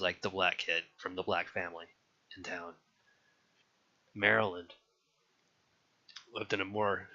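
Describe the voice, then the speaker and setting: A man's voice: sits low, sharp tone. A young man frankly recalling his childhood in a rambling, casual way, with many restarts and some swearing. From California. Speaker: interviewee. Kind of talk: casual personal recollection. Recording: dull lo-fi sound.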